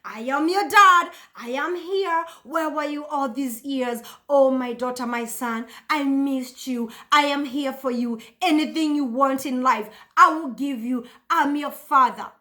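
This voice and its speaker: A woman's voice: sits high, a little slow, hardly any pauses, sharp tone. A woman voicing a father who shows up after many years, gushing and boastful about his children. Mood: fawning. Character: returning father, proud and fawning.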